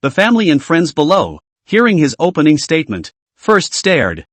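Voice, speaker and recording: A man narrating a comic story recap in a scripted, lively reading style. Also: a little high, moderate pace, no echo. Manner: lively, reads out laughter as words.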